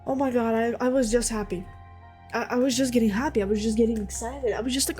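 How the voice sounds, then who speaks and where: A woman's voice: sits high, fast talker, faint music behind. Chatty young woman streamer. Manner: chatty, excitable, talks back to the game. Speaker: gamer streamer. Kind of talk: let's play, reading dialogue aloud.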